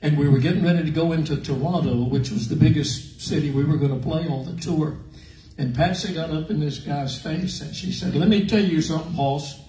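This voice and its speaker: A man's voice: fairly high pitch, a little fast, slight background noise. An older man, telling folksy country-music stories to a fan audience. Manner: folksy, relaxed, drawling anecdotes. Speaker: country singer on an artist panel. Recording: echoey room, mic at a distance.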